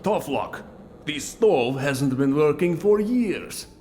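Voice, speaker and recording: Picture a blunt, dismissive Russian guard from a video game, a surly man with a rather high voice that swings up and down a lot. and the recording has a faint hiss of background noise. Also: expressive, slow pace, mellow. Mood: gruff, dismissive. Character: gruff Russian male prison guard, surly.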